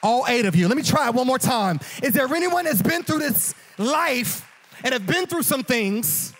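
Husky-voiced lively preacher man. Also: very high voice, moderate pace. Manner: animated and joking, acts out quoted voices. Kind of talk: storytelling sermon. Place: church auditorium.

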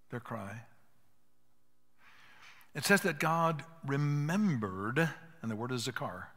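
An older man speaks earnestly to a live audience in a conference hall, giving an emphatic teaching talk and acting out snippets of dialogue. His voice is medium in pitch and fairly bright, with hall reverb on the recording.

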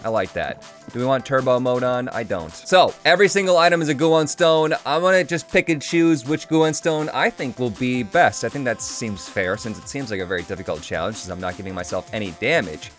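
Brief: young male YouTuber, middle-pitched, offhand and rambling, swears freely, soft music underneath. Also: expressive, fairly quick. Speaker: gaming YouTuber. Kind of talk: casual vlog house tour then game talk.

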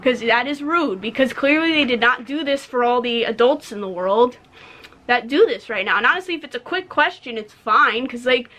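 A woman's voice: a little high, normal speed. A young woman in her twenties, a podcast co-host, ranting bluntly and with plenty of swearing in casual talk. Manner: blunt, profane, animated storytelling. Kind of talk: casual rant.

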